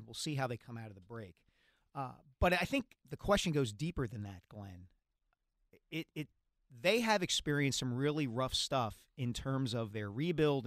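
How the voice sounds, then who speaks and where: A man co-hosting a sports talk show, giving careful, analytical opinions in a measured way. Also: mid-range voice, dry recording, clean studio sound. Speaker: sports columnist and co-host.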